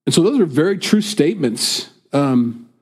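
A man from the United States preaches to his congregation in a talky, informal style. He breaks into quick impressions of imagined speakers and then returns to plain explanation. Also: on the high side, big pitch swings, breathy edge. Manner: conversational, acts out quoted speakers. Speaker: pastor. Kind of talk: sermon.

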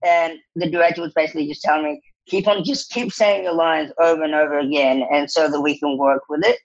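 High-voiced man telling animated stories. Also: quick pace, dull audio. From New Zealand. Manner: animated, laughing often, quoting others in lively bursts. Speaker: actor guest. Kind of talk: casual storytelling interview.

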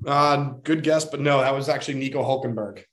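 A man's voice: mid-range voice, fairly quick, a bit bright. An upbeat man co-hosts a casual sports podcast. He chats easily as he runs a quiz segment. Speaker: podcast co-host.

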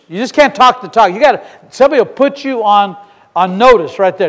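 Fervent high-voiced pastor in a reverberant hall. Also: male voice, animated, a little fast, fairly bright tone. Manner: fervent, emphatic, repeats and restarts phrases. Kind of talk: sermon. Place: church sanctuary. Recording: long reverb of a large hall.

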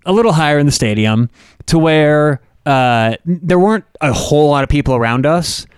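A man co-hosting a casual sports podcast, telling animated stories and mimicking fans. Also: on the high side, normal speed, clean tone, no room sound, clean studio sound. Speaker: podcast co-host.

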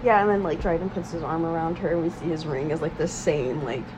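A woman co-hosting a podcast, chatting casually about a film with animated, giggly reactions. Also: deep voice, noisy background. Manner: animated and giggly, quick rising exclamations. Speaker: podcast co-host. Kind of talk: casual chat recapping a film.

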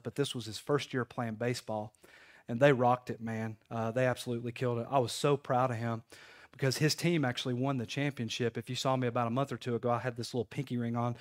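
A man, preaching a folksy sermon in church with call-and-response to the congregation. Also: mid-range voice. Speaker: pastor. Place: church sanctuary.

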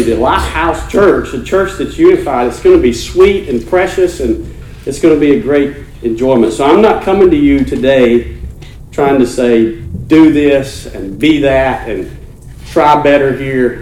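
Guy pastor preaching, easygoing, repeats himself, middle pitch, big roomy church sound. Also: warm tone, distant mic. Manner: earnest, conversational preaching with repeated words and restarts. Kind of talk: sermon. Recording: roomy church echo, faint noise.

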